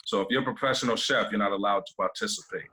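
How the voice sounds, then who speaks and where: A man from Massachusetts, a guest chef, talking in a relaxed, matter-of-fact way in casual chat. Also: lowish voice, rapid-fire, husky, rough recording.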